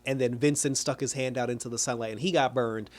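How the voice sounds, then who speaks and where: A man with a middle-pitched voice retells a TV episode in loose, chatty speech. He laughs often and slips into quoting the characters as he goes. The delivery is casual and lively, like a reviewer talking straight to his viewers. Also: fast talker. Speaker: TV show reviewer.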